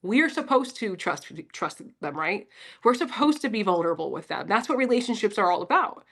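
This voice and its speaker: A woman's voice: medium pitch, expressive, brisk, a bit bright. A woman from Philadelphia giving a casual, profane pep talk on a livestream and answering her chat. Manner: blunt, profane, talks straight to chat.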